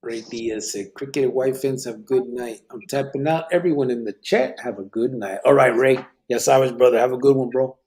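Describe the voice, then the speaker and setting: A man's voice: medium pitch, moderate pace, few pauses, a little mellow, slightly rough. A man hosting a casual live podcast, reading chat comments aloud in a laid-back way, swearing freely and dropping Spanish words.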